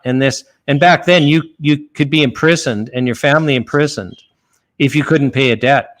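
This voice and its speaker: Male lawyer guest from Canada, mid-pitched, earnest and conversational, full of restarts and fillers. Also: moderate pace. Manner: earnest, retells a parable with many restarts and fillers. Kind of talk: conversational podcast talk.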